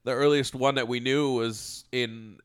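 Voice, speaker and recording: A man's voice: medium pitch, fairly even intonation, unhurried, clear, resonant tone, no echo. Rambling male podcast co-host, dry sound. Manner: loose and rambling, acts out loud skits. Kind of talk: casual chat.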